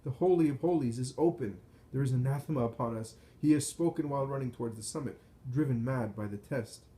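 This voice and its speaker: An old rabbi, broken and repentant, begging for mercy in a raised, urgent voice, as a man reads him. The tone is dark and mellow, and anguish runs through every phrase. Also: mid-range voice, quick pace, lightly acted. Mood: frantic. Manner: pleading, anguished, breathless. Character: elderly rabbi, distraught and repentant.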